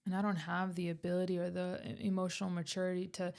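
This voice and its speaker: A woman's voice: lowish voice, little pitch movement, quick pace, vocal fry, a little mellow, clean tone. A young woman co-hosting a podcast with her father, speaking candidly in casual conversation and questioning her own habits. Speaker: podcast co-host, daughter.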